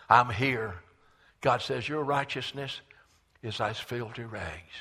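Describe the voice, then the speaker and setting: A man preaching with a bright, forceful voice. He swells to loud, fervent peaks and sinks to hushed lines. Quick stammered restarts break his flow. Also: a little high. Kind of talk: sermon.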